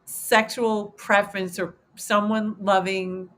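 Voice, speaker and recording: A woman's voice: mid-range voice, level tone, slow pace. A woman in her fifties hosting a casual livestream chat, talking in an emotional, rambling way with many restarts and fillers. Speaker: host.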